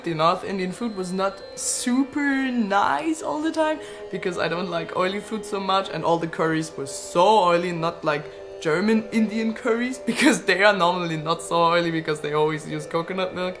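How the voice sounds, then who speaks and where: Chatty young woman with a lowish voice. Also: normal speed, few pauses, over music. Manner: chatty, laughs often, swears casually. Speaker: vlogger answering viewer questions. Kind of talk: casual Q&A chat.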